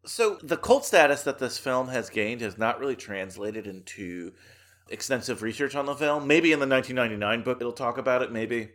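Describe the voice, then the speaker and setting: A man's voice: mid-range voice, expressive, a little fast, a bit bright. An American man hosting a film podcast, chatting casually and enthusiastically and laughing often. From United States. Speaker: podcast host.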